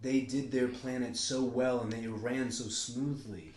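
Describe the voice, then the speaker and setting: A podcast co-host speaks at a measured pace in a slightly mellow, mid-range voice with fairly even intonation. In this casual chat he rambles, swears often, and jumps suddenly from idea to idea. There's a roomy echo.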